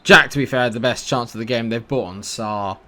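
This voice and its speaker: A man's voice: medium pitch, a little fast, sharp tone. A young British man commentating his own football video game match, frustrated and sarcastic. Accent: British English. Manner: frustrated, swearing, sarcastic outbursts. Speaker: gaming YouTuber. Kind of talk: live gameplay commentary.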